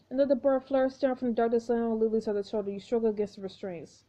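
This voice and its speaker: High, mellow-voiced woman reading a story game. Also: level tone, racing, hardly any pauses, muffled recording. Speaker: game walkthrough narrator.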